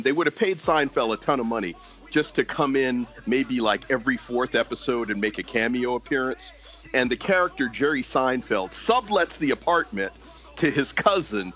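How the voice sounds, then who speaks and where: A man's voice: mid-range voice, a bit bright. Rambling man in casual chat. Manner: rambling, digressive, many fillers. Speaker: podcast co-host.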